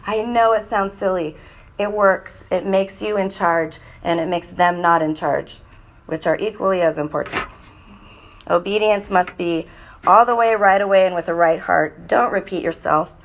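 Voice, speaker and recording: A woman giving a lively, instructive parenting talk to a live audience of mothers, sometimes mimicking children's voices. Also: lowish voice, normal speed.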